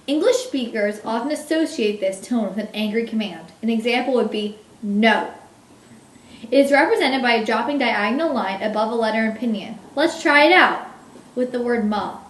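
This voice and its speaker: A woman's voice: a little high, lively intonation, brisk, reverberant, rough recording. A woman in a classroom presentation, reading a lesson on tones aloud.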